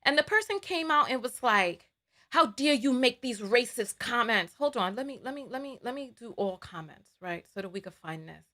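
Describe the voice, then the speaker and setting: A woman's voice: a little high, animated, normal speed, sharp tone. A woman hosting a live commentary stream, heated and indignant, repeating her words. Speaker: livestream host.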